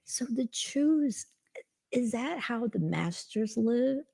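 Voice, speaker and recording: Woman, reflective participant, gravelly and breathy, slow, half-whispered delivery. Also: on the high side, expressive, mellow. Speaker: participant in the session. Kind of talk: reflective spiritual conversation.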